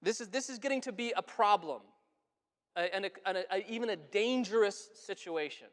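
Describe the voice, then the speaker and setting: A male pastor delivers a sermon in an earnest, conversational way, and his voice sits fairly high for a man. He drops to soft, hushed tones for quoted words. The sound carries a long reverb from the church sanctuary. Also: brisk.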